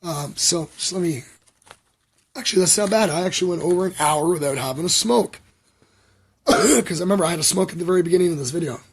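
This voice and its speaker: A man's voice: high-pitched, fairly quick, slightly rough. A Canadian man telling a long personal story on a livestream, talking loosely with lots of ums and likes. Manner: filler-heavy, meandering, frequent ums and likes. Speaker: livestream host.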